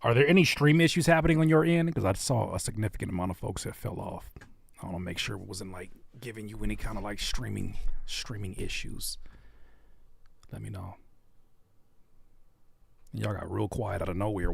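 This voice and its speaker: A man's voice: fairly low pitch, brisk, vocal fry, slightly rough, no room sound. A man hosting a live music stream, chatting casually and playfully teasing his viewers. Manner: animated and playful, reads chat aloud and teases viewers.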